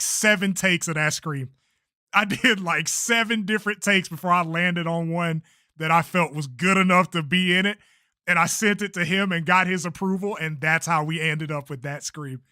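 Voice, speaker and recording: Bright-voiced young man, casual streamer. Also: high-pitched, moderate pace, no room sound, clean studio sound. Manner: laid-back, swears freely, says bro. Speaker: streamer and creator. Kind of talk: casual livestream commentary.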